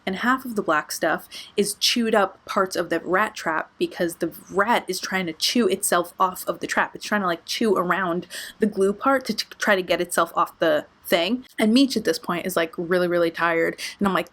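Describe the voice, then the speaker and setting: A young woman vlogger telling a storytime tale in a lively, expressive way, swearing freely. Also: lowish voice, moderate pace. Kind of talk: storytime vlog.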